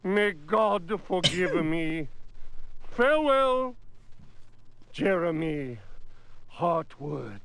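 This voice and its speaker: A man's voice: fairly high pitch, lively intonation, extremely slow, pauses often, fairly bright tone, slight background noise, exaggerated voice. An actor voicing a desperate man's farewell letter in a game, delivered in a dramatic, anguished way with gasps. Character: desperate male mansion owner's farewell letter. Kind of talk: voiced game document reading.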